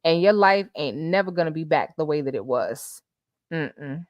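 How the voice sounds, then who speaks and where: Animated woman hosting a live stream. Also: low voice, normal speed, no room sound, lo-fi sound. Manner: animated, laughs often, dramatic readings of messages. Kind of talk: casual live-stream commentary.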